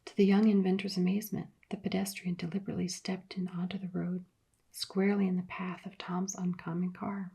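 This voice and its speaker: A woman narrating an adventure book in a soft-spoken ASMR reading, hushed and partly whispered. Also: lowish voice, flat delivery, brisk, vocal fry, slightly rough.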